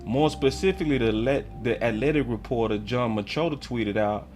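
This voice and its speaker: A man's voice: mid-range voice, moderate pace, darkish tone, faint music behind. A man hosting a livestream sports commentary show, talking in a heated, emphatic way full of slang.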